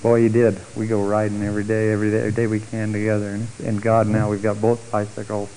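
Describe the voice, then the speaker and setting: A middle-aged man telling a personal testimony story, acting out the voices of the people in it with big jumps in pitch. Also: quick pace, a little hiss or hum, rough recording. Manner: animated, acts out quoted speech with big pitch jumps.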